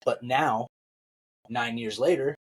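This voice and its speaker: A man co-hosting a podcast, retelling family stories in casual chat, laughing and throwing his voice high for quotes. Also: slow. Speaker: podcast co-host.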